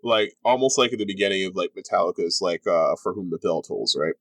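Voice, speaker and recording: A man's voice: low-pitched, brisk, no echo. A young man narrating a tabletop game as game master, rambling and full of fillers.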